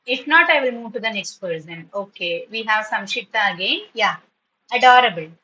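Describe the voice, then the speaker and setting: A woman's voice: medium pitch, lively intonation, moderate pace, sharp tone, muffled recording. A woman teacher, running a spoken class patiently and praising students often, sometimes switching into to explain. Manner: switches into Tamil when explaining. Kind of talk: online spoken English class.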